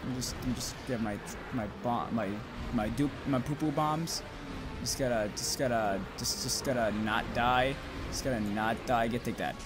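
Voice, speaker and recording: A young man commentating his own gameplay, rambling to himself and cursing loudly at the monsters. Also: medium pitch, normal speed, music in the background. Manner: profane, rambling, yells at monsters.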